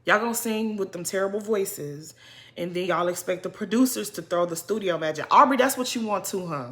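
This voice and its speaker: A young woman giving a casual, animated reaction commentary, talking straight to the people she discusses in an exasperated, playful way. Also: mid-range voice, fairly quick. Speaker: reality TV commentator.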